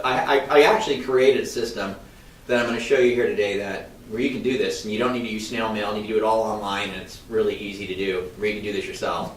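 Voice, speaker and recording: Chatty man telling a business story. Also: a bit bright. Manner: chatty, acts out quoted voices with shifting pitch. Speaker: mortgage loan officer. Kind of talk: casual podcast storytelling. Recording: roomy, slightly distant mic.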